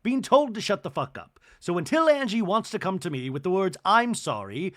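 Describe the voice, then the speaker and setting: A man's voice: high-pitched, big pitch swings, moderate pace, voice pushed up. A man doing a blunt, irritated woman from a reality show, with a raised, clipped delivery. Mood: cold, aggrieved.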